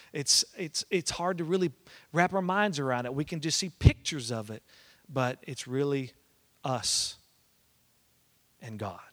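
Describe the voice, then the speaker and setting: A man, a pastor preaching and telling a family story, swinging between loud and hushed. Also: mid-range voice. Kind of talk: sermon with personal storytelling.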